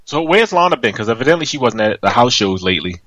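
A man's voice: medium pitch, fast, no echo, highs cut off. A man co-hosting a wrestling podcast, talking casually with brash swearing and teasing. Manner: brash, animated, swears freely. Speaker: podcast co-host.

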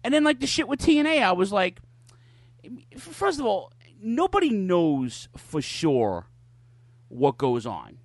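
A man's voice: high voice, huge pitch swings, measured pace, dry recording. Podcast host, man, forties, foul-mouthed storyteller, dry close-mic sound. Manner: profane, loose storytelling with lots of cursing. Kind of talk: casual chat.

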